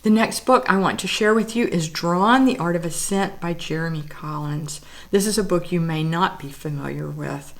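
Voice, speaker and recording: A woman's voice: fairly low pitch, normal speed, few pauses. A woman artist talking through her art book collection, gushing with admiration and audibly teary, lingering on words of praise. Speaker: artist and vlogger. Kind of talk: casual show-and-tell of art books.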